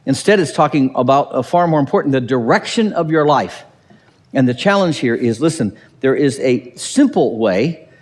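A man preaching a sermon as pastor, animated and acting out quotes with dry humor. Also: medium pitch, normal speed, long reverb tail.

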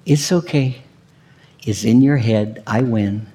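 A man preaching a sermon as pastor, emphatic, swinging from near-shouts down to low, quiet passages. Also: measured pace, husky, long reverb tail.

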